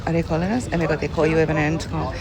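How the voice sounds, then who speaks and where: A woman's voice: deep voice, steady tone, rapid-fire. A woman vlogging outdoors at a skydiving airfield into a handheld camera, rambling nervously and swearing a lot. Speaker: travel vlogger. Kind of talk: casual vlog to camera. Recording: loud music under the voice.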